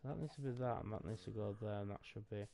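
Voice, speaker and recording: Male streamer, gravelly and mellow, casual mutter-along build chat. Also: on the low side, quick pace, slight background noise. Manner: mutters and counts aloud while building, with mild swearing. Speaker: gaming streamer. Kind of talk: casual live gameplay chat.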